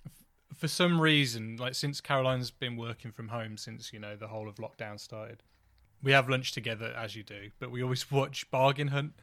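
Bright-voiced man, easygoing podcast co-host. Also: medium pitch, moderate pace. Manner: easygoing, rambling anecdotes, laughs at himself. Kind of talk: casual chat.

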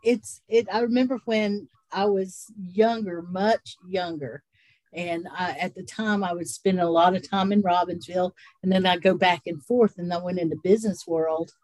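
A woman with a Southern Appalachian mountain accent and a mid-range voice, telling stories in a slow, rambling way. The recording is dry and close, with no room sound. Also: fairly low pitch, darkish tone, dry recording. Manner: unhurried, rambling storyteller with frequent laughs. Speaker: podcast co-host. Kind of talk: casual chat.

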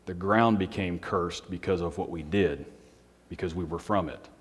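A man preaching a Sunday night sermon, speaking in a self-described monotone with joking asides to the congregation. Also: sits low, normal speed, slight background noise. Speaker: pastor. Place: church hall on a Sunday night. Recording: long hall reverb.

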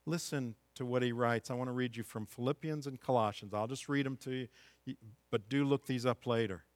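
A middle-aged male pastor delivering a sermon, moving between calm scripture reading and impassioned, emphatic peaks. His voice sits in a moderate range and sounds dry and close, with little room sound. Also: mid-range voice, fairly quick, no echo.

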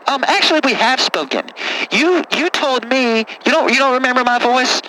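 A man's voice: very high-pitched, animated, normal speed, pushed and bright, slight background noise, heavily acted, rough recording. A man playing a pompous, prissy radio pastor. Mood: indignant. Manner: preachy, fussy, scolding. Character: prim, pompous middle-aged male radio pastor. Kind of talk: comedic radio call-in sketch.

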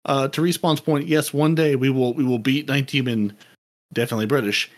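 Guy hosting a gaming podcast, goofy and rambly, ordinary middle-pitched voice. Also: steady tone, fairly quick. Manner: playful, rambling, stumbling over repeated words. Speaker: podcast host. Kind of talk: casual gaming podcast chat.

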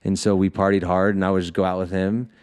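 A man's voice: deep voice, level tone, fast talker, a little mellow, smooth. A man guesting on a podcast, telling loose, profane stories in casual chat with lots of "like" fillers. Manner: loose storytelling, swears freely; frequent "like" fillers.

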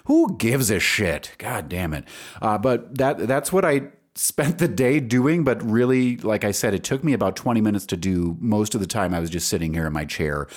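Low-voiced rambling podcast host, a man. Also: normal speed, hardly any pauses, a little mellow. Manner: rambling, self-deprecating, frequent fillers. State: stressed and anxious. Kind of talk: casual solo podcast monologue.

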